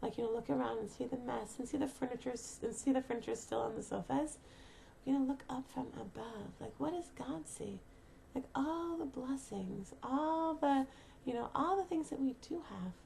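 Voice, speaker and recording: A woman's voice: high voice, normal speed, gravelly, warm tone, a little hiss or hum. A woman giving a heartfelt motivational talk to mothers, earnest and emotional, rambling with many fillers and restarts.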